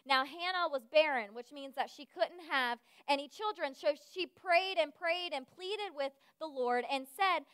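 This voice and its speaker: A woman giving a sermon, telling a lively personal story and acting out the voices of the people in it. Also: high-pitched, unhurried, hardly any pauses, dry recording, clean studio sound. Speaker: speaker at a church service.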